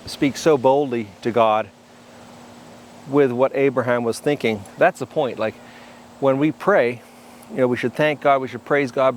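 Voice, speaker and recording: An older man, a pastor, giving an informal devotional talk outdoors, with his voice at an ordinary middle pitch. He reads scripture aloud, then stops to comment on it in a plain, conversational way. Soft noise from outside sits faintly behind him.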